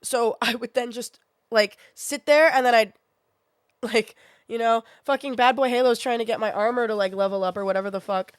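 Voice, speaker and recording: A woman's voice: on the high side, moderate pace, clear, resonant tone, no echo, clean studio sound. A woman in her twenties who is sick with a sinus infection, telling a rambling story to her stream with lots of swearing. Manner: swears freely, rambling and animated. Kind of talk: casual storytelling to a live chat.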